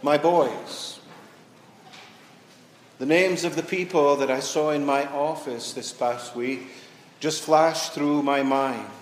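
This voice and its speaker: A man preaching a sermon as pastor in a church, reading scripture and telling a story with slow, deliberate pauses. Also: fairly high pitch, steady tone, a little hiss or hum. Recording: echoey church from a distance.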